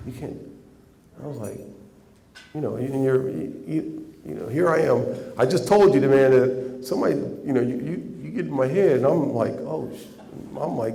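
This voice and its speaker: A man telling an animated story as an interview guest, acting out the other voices and breaking into laughter. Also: mid-range voice, normal speed, creaky, noisy background. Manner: animated anecdote with quoted voices, laughing, restarts.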